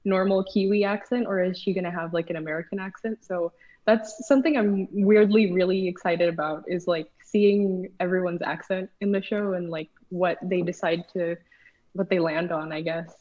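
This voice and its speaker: A woman's voice: on the low side, steady tone, moderate pace. A woman guest on a casual panel discussion who rambles along and leans on "like" constantly. Her sound is a little dull and lo-fi. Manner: rambling, heavy use of "like".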